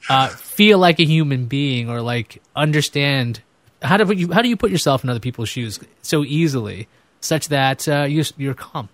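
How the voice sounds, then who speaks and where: A man's voice: medium pitch, lively intonation, fairly quick, fairly bright tone, no echo. A man hosting a podcast, talking candidly and with self-deprecating humor in casual conversation. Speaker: podcast host.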